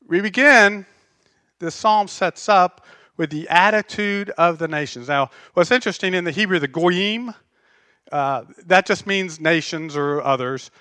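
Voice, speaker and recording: A man preaching a sermon as pastor, conversational and animated, telling stories with self-deprecating humor. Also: sits high, unhurried, clean tone, no room sound.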